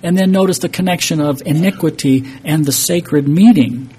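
A man's voice: on the high side, moderate pace, warm tone, breathy edge. A man preaching a sermon, earnest and emphatic, reading scripture and explaining it to a congregation. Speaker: pastor.

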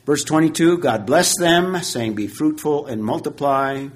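A man giving a Bible lecture, slow and measured, with emphatic points and frequent pauses. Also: on the high side. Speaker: Bible teacher.

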